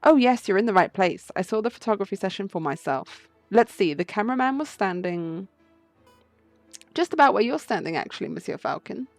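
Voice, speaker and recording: A woman's voice: lively intonation, brisk, dry recording, faint music behind, natural voice. Woman voicing a muffled nervous giraffe housemaid. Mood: helpful. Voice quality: muffled, as if from high up. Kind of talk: game playthrough read-aloud.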